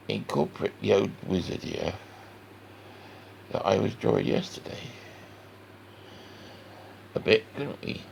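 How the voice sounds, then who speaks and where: Deep gravelly West Country man. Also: slight background noise. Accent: West Country English. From West Country of England. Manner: rambling, folksy, talks straight to the viewer. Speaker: cartoon artist. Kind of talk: chatty drawing tutorial.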